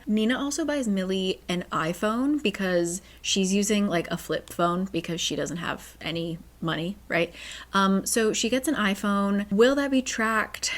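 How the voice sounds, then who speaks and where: A woman hosting a book channel, recapping a novel in a chatty, casual way with sarcastic asides. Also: mid-range voice.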